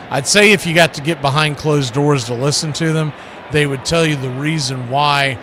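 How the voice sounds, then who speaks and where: A man calling baseball play-by-play live as host, chatting opinions between pitches. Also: background noise.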